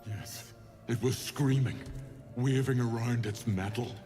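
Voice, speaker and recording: An actor voicing a huge, gruff male ox in a video game, deep and gravelly, speaking in blunt, simple short sentences. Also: fairly even intonation, warm tone, soft background music, lightly acted. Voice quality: deep, gravelly, slow-spoken.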